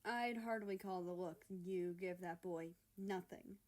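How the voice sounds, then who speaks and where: A woman's voice: fairly low pitch, measured pace, a little mellow, close to an everyday voice. A woman voicing an affectionate, teasing middle-aged husband in a fan fiction reading.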